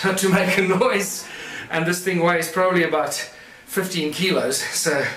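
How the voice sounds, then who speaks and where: A man's voice: high voice, fairly even intonation, moderate pace, few pauses, a bit bright. A man giving a conference lecture, explaining things and pointing them out to his audience as he demonstrates. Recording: echoey room.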